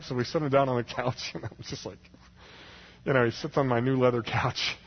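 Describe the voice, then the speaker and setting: Husky man rambling through a story. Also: mid-range voice, fairly even intonation, fast talker, muffled recording. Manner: rambling, many "you know"s and restarts. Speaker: speaker telling a personal story. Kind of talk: storytelling talk.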